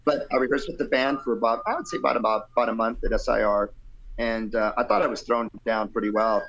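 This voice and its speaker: A man's voice: lowish voice, fast, highs cut off. A male rock singer telling a long, rambling story in a casual interview, playfully acting out other people's lines. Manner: animated, playful, acts out quotes with shifting voice; laid-back, rambling with fillers and "you know". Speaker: rock vocalist guest.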